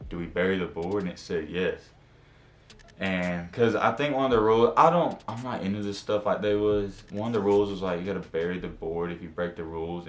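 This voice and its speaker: A young man telling a casual storytime, slangy and animated, acting out what friends said. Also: sits low, echoey room, slight background noise. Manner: animated, slangy, acts out quotes.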